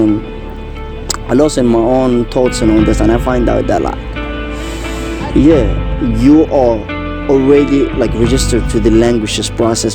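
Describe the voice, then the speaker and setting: Earnest young man telling his story. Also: mid-range voice. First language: French. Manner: earnest, halting, with many fillers and restarts. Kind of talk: personal story in casual talk.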